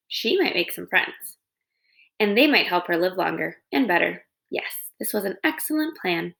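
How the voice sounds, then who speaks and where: A woman's voice: medium pitch, gravelly, fairly bright tone. A woman reading a children's novel aloud in installments, telling the story expressively. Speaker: reader.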